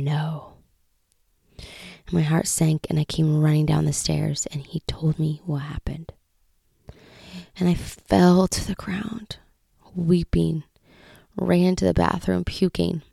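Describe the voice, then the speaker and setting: A woman in her thirties hosting a faith podcast, speaking in an earnest, heartfelt way that often drops to a soft whisper. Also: sits low, creaky, dry recording, studio quality. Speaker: podcast host.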